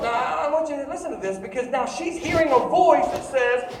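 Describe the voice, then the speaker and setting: A man's voice: extremely high pitch, lively intonation, a little fast, reverberant, far from the mic, low-quality recording. A man delivering a sermon to a live audience, emphatic and calling out questions for them to answer. His voice rings around a large room. He sounds somewhat away from the microphone, with a faint hum of ambience. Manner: emphatic, calls out to the crowd with questions. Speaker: preacher.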